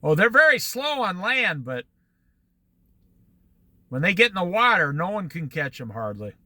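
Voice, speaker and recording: Man, high and very bright voice, chatty outdoor vlogger who likes to moralize. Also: sing-song, moderate pace, no echo. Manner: chatty storyteller, moralizing asides. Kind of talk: casual vlog monologue. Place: outdoors near the shore.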